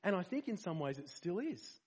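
A man preaching to a congregation in a relaxed, conversational way. His voice sits a touch high for a man and has a husky, slightly breathy edge. He keeps asking the room questions and leans hard on the words he wants to land. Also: moderate pace. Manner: conversational, rhetorical questions, animated emphasis. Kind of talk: sermon.

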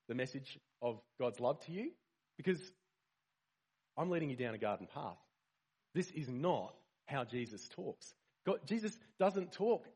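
A man's voice: medium pitch, breathy edge. A man giving a conversational sermon, asking the listeners questions and stressing key words. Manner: conversational, rhetorical questions, animated emphasis. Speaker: preacher.

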